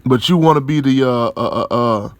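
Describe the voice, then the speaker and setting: A man riffs on news articles through a religious lens, rambling and cursing freely. His voice sits mid-pitched and sounds dry and close, with no room around it. He keeps looping back on fillers and checks in with tag questions, chuckling between thoughts. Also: normal speed, no echo. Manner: chuckles often while talking. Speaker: religious commentator.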